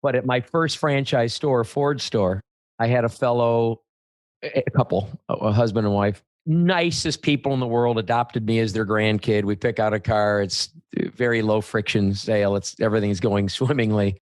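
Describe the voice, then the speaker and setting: A man hosting a talk show, telling lively car-sales anecdotes in a casual chat. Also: fairly low pitch, normal speed, no room sound. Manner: animated anecdotes, acts out quoted customers. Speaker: podcast host.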